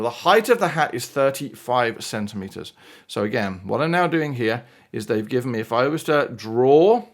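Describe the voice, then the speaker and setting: A man with a British accent talks through maths problems as a teacher. He keeps it chatty and playful, tossing in little exclamations and asides. His voice sits at a middle pitch but swings widely up and down. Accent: British English. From United Kingdom. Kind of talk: worked-example maths lesson.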